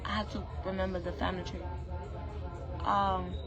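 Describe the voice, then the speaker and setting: A woman's voice: mid-range voice, little pitch movement, normal speed, highs cut off, loud music behind the voice. A woman from Brooklyn, New York, with a Trinidadian-influenced accent, ranting bluntly and profanely to camera in a vlog, full of emphatic rhetorical questions. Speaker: vlogger. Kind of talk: impassioned direct-to-camera rant.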